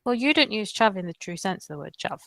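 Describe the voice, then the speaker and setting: A woman's voice: medium pitch, expressive, quick pace, vocal fry, a bit bright. A woman co-hosting a gaming stream, chatting casually in a blunt, teasing way and swearing freely. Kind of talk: casual chat while gaming.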